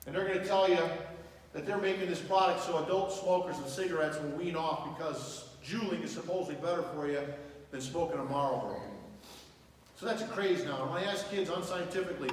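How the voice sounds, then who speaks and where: A man's voice: a little high, fairly quick. A middle-aged man with a Southern US accent, giving an earnest, emotional talk to a school audience as a guest speaker. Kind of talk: public speech to a school audience. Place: large hall. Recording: echoey hall from far off, faint noise.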